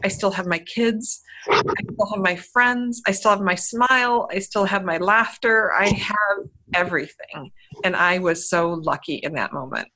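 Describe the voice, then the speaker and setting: A woman's voice: mid-range voice, moderate pace, bright, forceful tone, poor audio. A woman in her fifties, a guest on a video call from home, telling her life story candidly with frequent restarts. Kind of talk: interview over video call. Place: home room.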